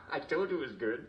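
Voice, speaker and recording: A man's voice: mid-range voice, muffled recording. A man playing a jovial, constantly chuckling TV host, mock-cheerful and smarmy. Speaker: show host. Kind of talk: comedic character monologue.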